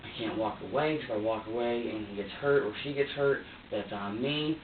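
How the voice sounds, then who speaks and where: A man being questioned by police, recounting events in a halting, repetitive way with many fillers and restarts. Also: mid-range voice, recorded from a distance, a little hiss or hum. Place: sheriff's interview room. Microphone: distant room recorder. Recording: tinny lo-fi, echoey room, off-mic.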